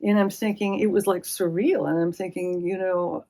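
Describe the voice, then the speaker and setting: Middle-aged woman interviewee, low-ish voice, animated anecdotes with quoted voices, library oral history. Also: moderate pace. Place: public library.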